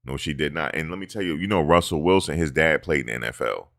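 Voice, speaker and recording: A man hosting casual sports talk, animated and profane, who mimics players' bland interview answers. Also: rumbling low, fast talker, gravelly, no room sound, clean studio sound. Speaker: sports commentary host.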